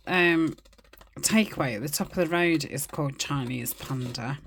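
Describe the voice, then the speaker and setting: A woman's voice: deep voice, normal speed, vocal fry, a bit bright, slight background noise. A middle-aged woman chatting casually as she works on a craft project, rambling and muttering asides to herself. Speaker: craft channel host. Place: home crafting desk.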